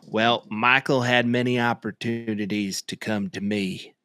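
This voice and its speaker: A man putting on a gruff older Texan team owner with a low, drawling Texan accent. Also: fairly even intonation, measured pace, pushed and bright, no room sound, studio quality. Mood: smug.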